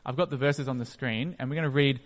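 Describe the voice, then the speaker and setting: A man's voice: medium pitch, fast talker. A man preaching a sermon, retelling a story and acting out its scenes. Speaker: pastor. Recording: echoey hall.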